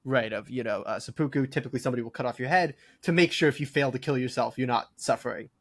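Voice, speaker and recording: Guy cohosting a podcast, excited and rambly, lots of likes, medium pitch. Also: quick pace. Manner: enthusiastic, lots of "like" fillers. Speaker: podcast co-host. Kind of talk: casual chat.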